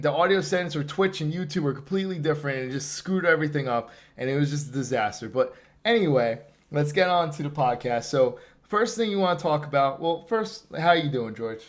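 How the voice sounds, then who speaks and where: A man's voice: on the high side, a little fast. A man hosting a casual nerd-culture podcast, rambling and joking about tech trouble. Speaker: podcast host. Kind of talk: casual chat.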